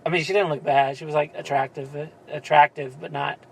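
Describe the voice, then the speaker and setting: High-voiced man rambling through a story. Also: steady tone, brisk, creaky, a little hiss or hum, low-quality recording. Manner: rambling, laughs often, lots of fillers. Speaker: podcast co-host. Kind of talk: casual storytelling chat.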